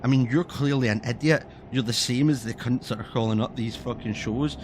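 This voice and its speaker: A man's voice: mid-range voice, a little fast, noisy background. A man from Scotland with a Scottish accent, ranting in a casual, heated and sweary way as he streams a game. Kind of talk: casual ranting commentary while playing.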